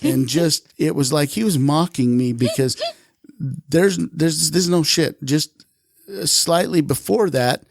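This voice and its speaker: Animated storytelling man, dry close sound. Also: fairly high pitch, slow pace, gravelly, no room sound. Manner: animated, swears freely, acts out quoted lines. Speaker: retired police officer, podcast guest. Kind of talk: casual storytelling.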